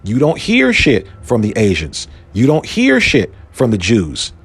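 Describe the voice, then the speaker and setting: A man's voice: medium pitch, huge pitch swings, measured pace, a bit bright, husky. A man, hosting a show and delivering a heated, emphatic commentary monologue in casual slang. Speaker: podcast host.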